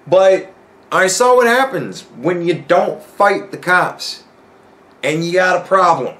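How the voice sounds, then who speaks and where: A man hosting a podcast, telling a story in a casual, profane, animated rant and laughing often. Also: high voice, slow pace. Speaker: podcast host.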